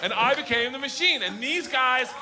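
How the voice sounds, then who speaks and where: A man doing stand-up storytelling, animated and acting out other characters, shouting his punchlines. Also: extremely high pitch, normal speed, a loud crowd. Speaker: stand-up comedian. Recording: stand-up special with background noise.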